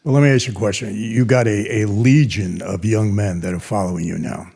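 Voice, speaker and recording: A man hosts a sit-down interview and asks low-key, probing questions. His voice is gravelly and husky, with a dark, mellow tone. It sits somewhat low. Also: steady tone, a little fast.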